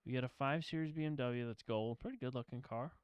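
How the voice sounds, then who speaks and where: Wry male podcast co-host, smooth voice. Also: medium pitch, fast talker, no room sound, lo-fi sound. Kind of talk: casual movie-breakdown chat.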